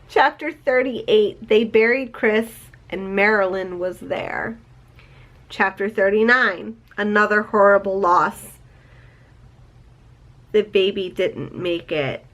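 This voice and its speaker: A woman's voice: mid-range voice, takes it slowly, fairly bright tone. Gushing, emotional woman book vlogger. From United States. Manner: gushing, emotional, swearing, reading chapter notes aloud. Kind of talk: casual book review vlog.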